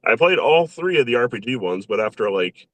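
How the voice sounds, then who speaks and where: A man being interviewed on a casual show, laid-back and quick to laugh. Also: mid-range voice, very animated, fairly bright tone, dry recording. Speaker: interview guest.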